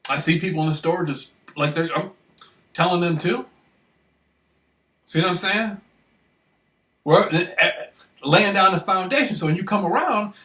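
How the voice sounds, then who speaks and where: A man talks straight to the camera in a rambling, excited monologue, circling back over the same points and asking again and again if you follow. His voice is bright and forceful. He is well away from the mic, in a room with a strong echo. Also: high voice, moderate pace, pauses often, distant mic. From Michigan, United States. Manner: excited, repetitive, keeps asking "you know what I mean". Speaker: vlogger. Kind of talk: rambling self-recorded monologue.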